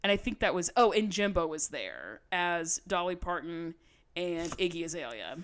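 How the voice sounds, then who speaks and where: A woman, co-hosting a podcast, telling a story in casual chat, animated and laughing, swearing freely. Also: fairly low pitch, moderate pace, a little hiss or hum. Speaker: podcast co-host.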